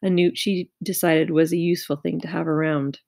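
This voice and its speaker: Gravelly woman reading a storybook. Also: low voice, dry recording, studio quality. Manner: measured, expressive reading. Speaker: audiobook reader. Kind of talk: storybook narration.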